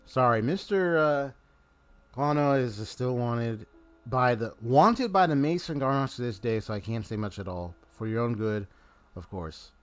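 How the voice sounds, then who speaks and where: A man's voice: medium pitch, a little slow, lightly acted. A man reading aloud the lines of a cheerful little girl who hosts a party, in his plain voice and stumbling now and then. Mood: chatty.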